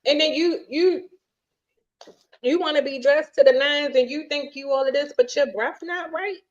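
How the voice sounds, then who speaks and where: A woman's voice: high voice, moderate pace, highs cut off. A woman co-hosting a casual chat podcast, ranting bluntly and often restarting her sentences. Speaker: podcast co-host.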